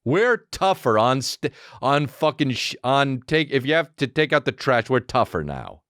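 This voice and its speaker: Comedian host with a lively, swooping voice, dry close mic, profane rant delivery. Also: male voice, normal speed, no room sound. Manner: profane, animated, riffs into mocking high-pitched character voices. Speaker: podcast host. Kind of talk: solo comedic podcast rant.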